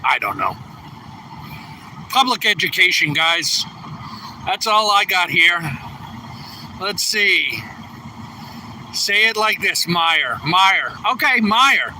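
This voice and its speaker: Bright, slow-talking trucker man streaming. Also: animated. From New England. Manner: chatty, reads viewer comments aloud. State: a little tired. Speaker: truck driver livestreaming. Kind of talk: casual live stream chat. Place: outdoors at a truck distribution center. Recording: distant phone mic with faint traffic noise. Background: trucks rumbling.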